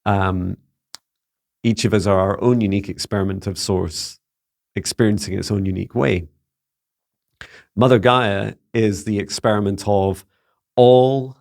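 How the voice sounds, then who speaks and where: A Scottish man with a lowish, gravelly voice answers viewer questions in a relaxed Q&A. He talks in an earnest, halting way, often restarting his phrases. The sound is close and dry. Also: no room sound. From Scotland. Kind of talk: casual spoken Q&A.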